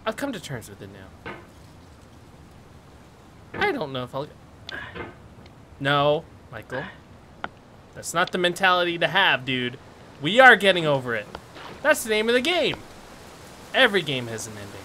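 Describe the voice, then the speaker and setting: A young man commenting on his gameplay, exasperated and raging, shouting "dude" and swinging between muttering and yelling. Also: a little high, sing-song, measured pace, pauses often, a little hiss or hum. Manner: exasperated, keeps saying "dude", shouting in rage. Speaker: gaming YouTuber.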